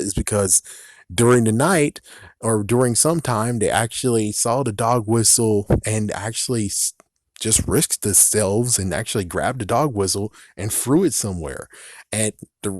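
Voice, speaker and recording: Low-voiced man rambling casually. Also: darkish tone, no room sound, clean studio sound. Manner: rambling, thinks aloud, many restarts; casual, says "freaking" often. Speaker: fan channel host. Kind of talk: casual solo commentary.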